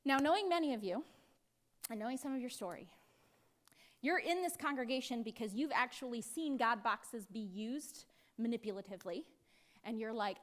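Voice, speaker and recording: A woman's voice: on the high side, animated, moderate pace, a bit bright. An American woman pastor preaching a sermon in a playful way, acting out voices now and then. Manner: playful, acts out voices with laughs.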